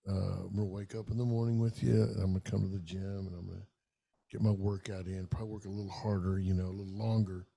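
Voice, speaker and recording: A middle-aged man with a gravelly, dark voice spins a rambling, profane story on a casual podcast. He talks loosely and animatedly, cursing freely as he goes. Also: deep voice, little pitch movement, quick pace. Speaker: podcast co-host.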